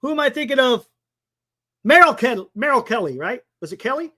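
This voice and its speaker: On a casual sports talk stream, a man rambles through the standings and answers his chat sarcastically. His high voice swings widely in a sing-song way, a little fast, bright, and forceful.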